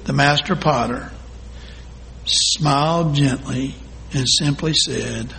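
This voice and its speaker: Slow-speaking male pastor in a reverberant hall. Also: mid-range voice, gravelly, bright, forceful tone, slight background noise. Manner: slow, deliberate reading with dramatic pauses. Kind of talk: sermon storytelling.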